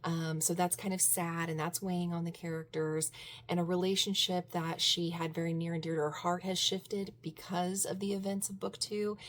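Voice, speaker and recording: A woman talking casually about books in her vlog, gushing and excitable, breaking into squeals and laughter. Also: fairly low pitch, slight background noise. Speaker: book vlogger. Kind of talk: casual book review vlog.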